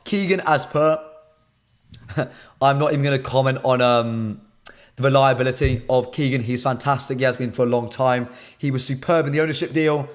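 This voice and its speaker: Hosting a live football stream, a man talks casually with his chat at normal speed in a steady, medium-pitched voice. His voice sounds shot and hoarse, and he repeats himself often.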